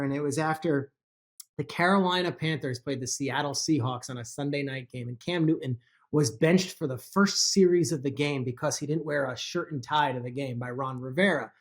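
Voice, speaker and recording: A man who is a guest on a talk show, telling a story with lively energy and acting out the people he quotes. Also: a little high. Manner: animated, acts out quotes with raised voice. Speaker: podcast guest, football analyst. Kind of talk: animated storytelling.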